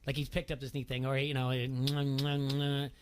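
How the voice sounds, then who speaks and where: A man's voice: medium pitch, normal speed, slight background noise. Storytelling male radio host. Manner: storytelling, animated when quoting. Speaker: radio sports talk host. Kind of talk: casual chat.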